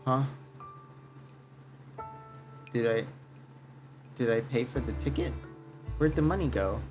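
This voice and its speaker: Slow-talking man livestreaming with guitar music. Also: mid-range voice. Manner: rambling, thinking aloud, self-repeating. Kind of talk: casual game streaming, reading chat aloud. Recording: guitar music playing under voice.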